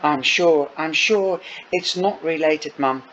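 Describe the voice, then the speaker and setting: A man's voice: on the high side, slow, fairly bright tone. A man reading a novel aloud, voicing a tense young man who speaks tightly and guardedly. Dull lo-fi recording with faint noise.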